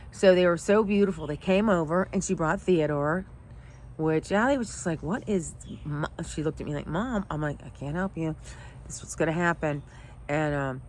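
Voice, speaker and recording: A middle-aged woman with a somewhat low voice tells a personal story as a life coach. She talks in a heartfelt, emotional way. A faint noise sits behind her. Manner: emotional, heartfelt, teary at times.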